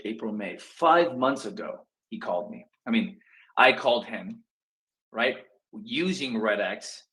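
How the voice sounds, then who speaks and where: A man coaching real estate students in a casual talk, acting out phone calls in quick asides. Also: medium pitch, fairly bright tone, poor audio.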